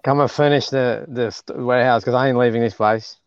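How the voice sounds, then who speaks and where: A man's voice: medium pitch, fairly even intonation, a little fast, clean tone, no echo. A man, joking and rambling in a casual chat over whisky. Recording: dull dry sound.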